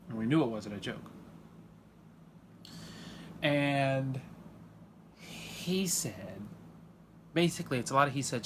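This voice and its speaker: Rambling man with a noisy hiss behind. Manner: rambling and halting, full of fillers, swinging into sudden high excited outbursts. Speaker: comedic character monologue. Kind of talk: deadpan comedy monologue in character as a dad.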